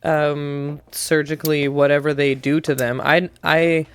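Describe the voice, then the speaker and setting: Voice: medium pitch, level tone, unhurried, smooth. A podcast co-host in casual chat, telling wandering stories with frequent giggles and dry humor.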